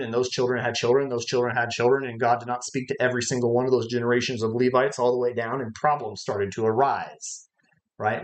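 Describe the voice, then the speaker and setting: A man leading a livestreamed Bible study lesson, explaining Greek words step by step and thinking aloud with frequent "uh" fillers. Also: fairly low pitch. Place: church livestream.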